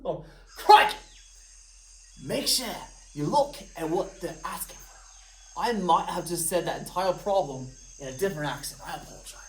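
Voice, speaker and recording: A woman's voice: lowish voice, brisk, darkish tone, slight background noise. A woman teaching a recorded math review lesson, walking through problems step by step with playful, jokey asides to students. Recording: roomy, from a distance of the mic.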